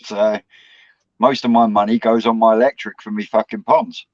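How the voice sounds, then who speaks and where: A man's voice: on the low side, flat delivery, normal speed. Matter-of-fact man on a lo-fi call. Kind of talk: casual group chat. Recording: dull lo-fi call audio.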